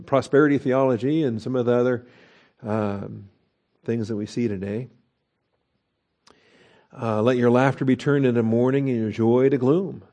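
A man's voice: mid-range voice, mellow. A man teaching a verse-by-verse Bible study in a conversational way, with fillers and rhetorical questions.

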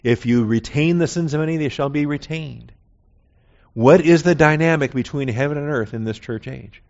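Bible teacher, man, mid-pitched, chatty lecture, muffled lo-fi recording. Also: a little mellow. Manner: conversational, often checks in with "all right?". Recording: dull lo-fi recording.

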